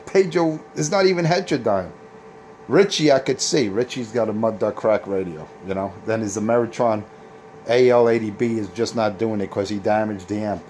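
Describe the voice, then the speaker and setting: A man's voice: medium pitch, darkish tone, slight background noise. A man hosting a casual CB radio video, boasting and taunting rival operators with trash talk. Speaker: CB radio operator and channel host.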